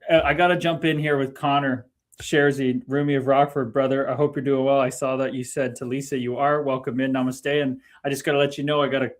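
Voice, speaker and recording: A relaxed, chatty man hosting a livestream. He talks loosely and warmly with his co-host. He reads viewer comments aloud in an easygoing way. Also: mid-range voice. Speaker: stream host. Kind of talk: casual livestream chat.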